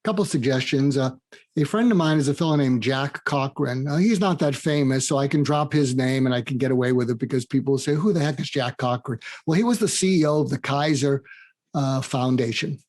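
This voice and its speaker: An older man, a psychiatrist and author, telling stories in an interview and animatedly acting out quoted dialogue. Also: brisk. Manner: animated storyteller, acts out quoted dialogue with rising pitch. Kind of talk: conversational storytelling interview.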